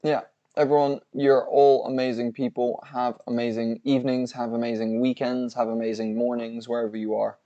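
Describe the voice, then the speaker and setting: A man's voice: mid-range voice, flat delivery, normal speed, warm tone, dull audio. A man co-hosting a fight watch-along stream, signing off with rambling, effusive thanks and plenty of fillers. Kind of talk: casual livestream sign-off chat.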